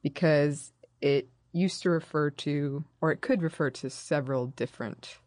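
A woman's voice: deep voice, normal speed, darkish tone, dry recording. A woman co-hosting a casual studio chat, sharing food history and reading quotes in a put-on voice. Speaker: podcast co-host. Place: recording studio.

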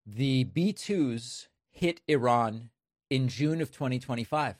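A man's voice: medium pitch, slow pace, dry recording. A man hosting a political commentary show, speaking emphatically and sardonically into a close mic. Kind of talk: opinion commentary.

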